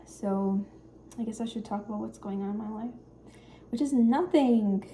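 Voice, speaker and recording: A young woman in her twenties talks softly in her home kitchen. Her voice is mellow and warm. She rambles shyly, full of little fillers, with a faint hum in the background. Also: mid-range voice, normal speed. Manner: quiet, shy, rambling with many fillers. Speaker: vlogger. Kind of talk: casual cooking vlog chat.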